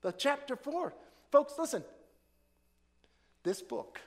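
A man preaching in a high, very lively voice that drops to near whispers and then climbs to shouts. He acts out quoted prayers with rising passion. His voice rings with the long reverb of a large hall. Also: moderate pace, long pauses. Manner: dramatic, swings from hushed to shouting. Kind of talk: sermon.

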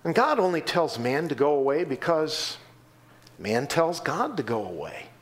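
A man preaching a sermon in a church, acting out the voices of the people he quotes and answers from the pews. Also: unhurried. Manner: animated, acts out quoted voices with sudden pitch jumps. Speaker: pastor.

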